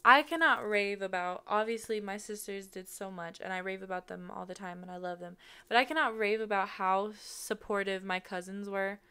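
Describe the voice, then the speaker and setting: A young woman in her twenties talks through her own music video in a chatty, gushing way, with bursts of laughter. Her voice sits at an ordinary pitch and sounds smooth and clear. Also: moderate pace, sharp tone. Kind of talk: casual chat.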